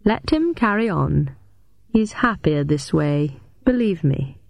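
A woman voicing a sinister undead male janitor who speaks in a slow, drawling, menacing way. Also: deep voice, expressive, vocal fry, darkish tone, dry recording, full character voice.

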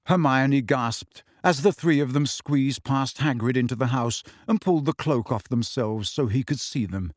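A man narrating an audiobook in an expressive storytelling voice. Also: mid-range voice, moderate pace, dry recording, clean studio sound.

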